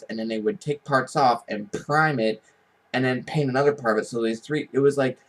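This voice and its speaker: A man telling casual, rambling stories straight to the camera. He talks in a chatty, offhand way and laughs at his own punchlines. His voice sits at an ordinary middle pitch. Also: fairly bright tone, poor audio. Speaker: vlogger. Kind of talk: casual storytelling.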